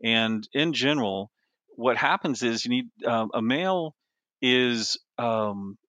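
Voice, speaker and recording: A man's voice: mid-range voice, animated, slow pace, fairly bright tone, no echo, dull audio. A middle-aged man, an author being interviewed, telling casual stories with laughs, restarts and trailing asides. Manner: rambling, laughing storyteller with many restarts. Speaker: author guest.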